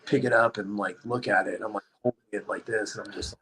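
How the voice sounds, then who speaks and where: A man telling a story on a podcast, in a rambling, animated way, leaning hard on "like.". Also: on the low side, fast talker, rough recording. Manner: rambling, animated, heavy use of "like". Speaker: podcast guest. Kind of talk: casual storytelling chat.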